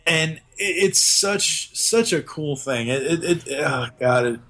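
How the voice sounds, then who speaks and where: A podcast co-host from the Boston area casually recaps a film's plot, his voice on the high side, expressive, slow, and sharp in tone. The movie discussion is full of fillers and restarts.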